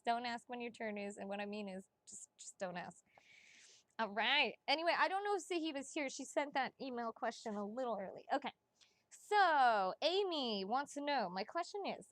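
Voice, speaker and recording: Giggly woman rambling on a livestream, high bright voice, dry close mic. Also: dry recording. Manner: bubbly and giggly, chatty, talks fast with asides. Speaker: psychic reader, livestream host. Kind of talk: casual livestream chat.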